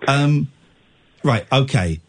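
A husky man hosts a late-night phone-in from the studio. His pitch swings a lot as he jokes and rambles, with frequent restarts. He talks in a loose, casual way. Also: lively intonation, slow. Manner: jokey, rambling, lots of restarts. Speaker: radio host. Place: radio studio.

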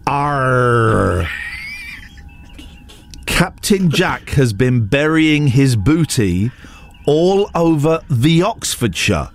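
A radio host voicing a gruff male pirate captain who growls "arr", lower than his usual voice and heard a bit off mic. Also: big pitch swings, extremely slow, pauses often, soft background music, full character voice. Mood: mock-gruff.

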